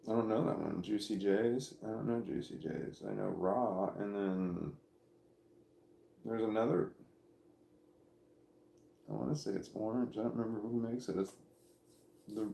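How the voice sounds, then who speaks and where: A middle-aged man chatting casually on a livestream from home, reading viewers' comments aloud and rambling with halting restarts. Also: on the low side, creaky, warm tone, roomy sound.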